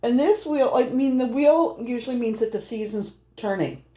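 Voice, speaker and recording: A woman's voice: a little high, moderate pace, warm tone. A woman doing a casual, rambling tarot reading, chatty and laughing often. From Norwegian heritage. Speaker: tarot reader.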